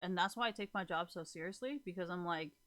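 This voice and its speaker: A young woman vlogger tells a story to the camera in a rambling, giggly way, laughing often, swearing freely, and saying "like" constantly. Her voice is lowish and a bit bright, and she talks fast.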